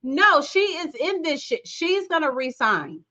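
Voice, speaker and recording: Female co-host, higher and animated, outspoken and salty; slightly muffled lo-fi recording. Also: a little slow. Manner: animated, blunt, swears freely. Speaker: podcast co-host. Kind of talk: casual reality TV recap chat. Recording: slightly dull lo-fi sound.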